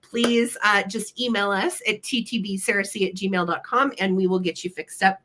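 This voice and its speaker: A woman's voice: medium pitch, steady tone, moderate pace, fairly bright tone. A woman hosting a live-stream vintage sale from home, chatty and friendly, her voice a little weak after being sick. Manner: chatty, friendly, apologetic asides. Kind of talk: casual live-stream sales pitch.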